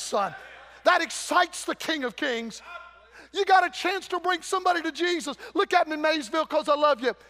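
High-pitched fervent preacher. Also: male voice, pushed and bright. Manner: fervent, folksy, calls out to the congregation. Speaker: guest preacher. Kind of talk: revival sermon. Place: church sanctuary. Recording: long church hall reverb.

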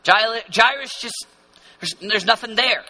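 A male pastor preaches an emphatic sermon in a very high, piercing voice. He repeats phrases for effect and swings between loud declarations and hushed passages. His tone is bright and sharp. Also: unhurried.

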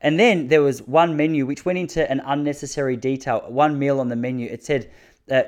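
Fairly quick, with a mid-range, darkish voice and fairly even intonation, a thirty-something Australian man spins a casual comic monologue. He's crude, mocks himself and cracks up at his own jokes.

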